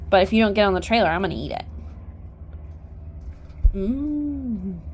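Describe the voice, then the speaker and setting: Woman horse trainer, soft-spoken, coaxing, slow pace, faint background noise, phone camera outdoors. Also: mid-range voice, animated. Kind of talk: casual training vlog. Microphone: handheld phone camera.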